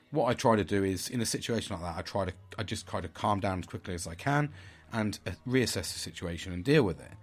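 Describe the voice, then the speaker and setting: A man's voice: lowish voice, breathy edge. A middle-aged man giving a candid vlog monologue, blunt and frank, with heavy swearing. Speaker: vlogger.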